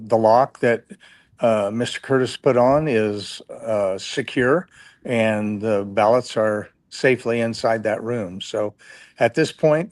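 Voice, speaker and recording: A man who works security at an election office, calmly giving a measured update as a guest on a live show over a video call. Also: on the low side, no room sound, studio quality.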